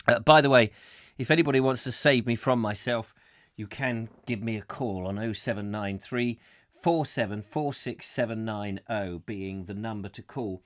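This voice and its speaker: A man's voice: on the low side, moderate pace. A man hosting a comic live chat show, rambling as he reads out viewer comments and drifts into silly voices. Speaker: host.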